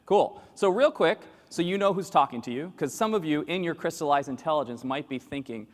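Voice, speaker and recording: A man from Boston giving a live keynote talk, quizzing the audience with quick questions. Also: mid-range voice. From Boston, United States. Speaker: keynote speaker. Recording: long hall reverb.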